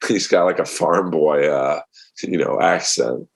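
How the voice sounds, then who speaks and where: Male comic guest, deep voice, rambling and easygoing with lots of fillers. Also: unhurried, vocal fry. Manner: relaxed storytelling with many fillers. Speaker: stand-up comedian guest. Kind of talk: casual interview talk.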